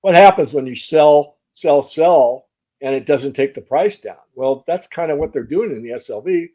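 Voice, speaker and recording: A man's voice: a little high, expressive, normal speed, dark tone. A man answering interview questions as a metals analyst, talking in a conversational and emphatic way. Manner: conversational, emphatic, with fillers and restarts.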